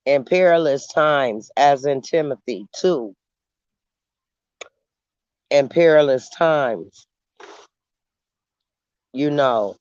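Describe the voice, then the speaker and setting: A man hosting a casual livestream, talking slowly with long pauses and eating as he speaks. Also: medium pitch, darkish tone, clean tone, dry recording, lo-fi sound. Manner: unhurried, pausing, eating while talking. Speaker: channel host. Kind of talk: slow casual livestream chat.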